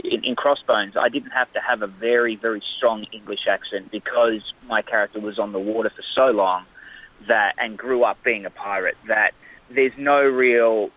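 An Australian actor being interviewed in casual chat, rambling with frequent restarts and fillers. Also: male voice, medium pitch, normal speed, muffled recording. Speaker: actor guest.

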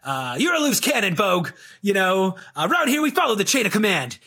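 A man voicing a grouchy, impatient male sales boss who barks cop-movie cliches in a gruff, loud way. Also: high voice, very animated, brisk, heavily acted. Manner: gruff, barking orders.

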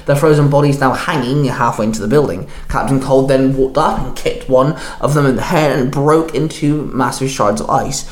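Male storyteller, fan fiction reading, steady narration, roomy echo. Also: medium pitch, normal speed, few pauses. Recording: echoey room.

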